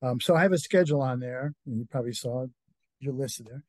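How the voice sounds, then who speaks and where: A man's voice: mid-range voice, fast talker, a little mellow, dry recording. A middle-aged man with a Northeastern US accent, a guest author chatting casually in an interview, with many fillers and easy laughs. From Connecticut.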